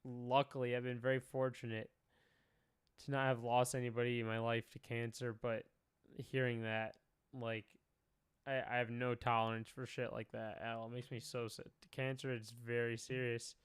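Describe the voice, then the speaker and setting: A man's voice: medium pitch, flat delivery, normal speed, clean tone, dry recording, clean studio sound. A young man doing casual reaction commentary, talking emotionally, often sighing, swearing and trailing off. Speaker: commentary streamer.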